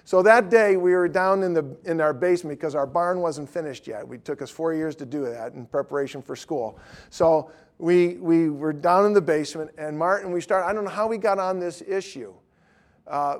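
A man's voice: on the high side, normal speed. A man in his fifties teaching a class on evangelism, telling stories and pressing his listeners with emphatic questions. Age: 50s. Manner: animated storytelling, rising to emphatic questions.

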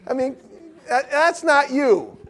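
Upbeat male trainer, high voice, animated delivery, laughs a lot. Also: takes it slowly. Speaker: evangelism trainer. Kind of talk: lively teaching talk.

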